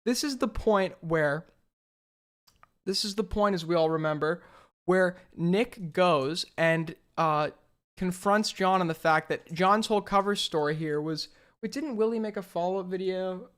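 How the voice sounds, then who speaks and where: A man's voice: sits high, a little slow, smooth. Sarcastic man reacting casually. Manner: animated, sarcastic, swears freely. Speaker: commentary host.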